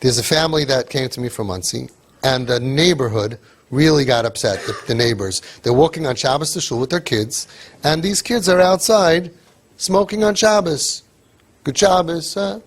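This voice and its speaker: Husky animated man telling stories. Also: on the high side. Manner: animated, acts out quoted voices, Yiddish and Hebrew terms. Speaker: speaker on outreach to youth. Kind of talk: animated storytelling talk.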